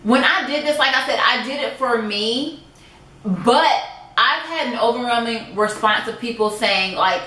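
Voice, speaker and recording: A woman talks straight to the camera in a personal vlog, emphatic and indignant, repeating phrases to drive her point home. Her voice is bright and sits a little high. The room around her is echoey. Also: measured pace. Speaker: vlogger.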